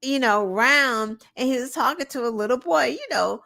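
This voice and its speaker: Woman host, casual political talk, sarcastic and loose with fillers, voice a bit high. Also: expressive, normal speed, gravelly, pushed and bright. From United States. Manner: chatty and sarcastic, with filler words. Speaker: show host.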